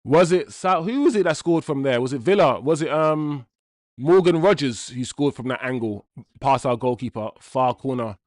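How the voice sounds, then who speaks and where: A young man streaming a live football watchalong, talking to viewers in slang and swinging between mutters and loud outbursts. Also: mid-range voice, animated, normal speed, dry recording, studio quality. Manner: loud swings from groans to shouts, slang-heavy.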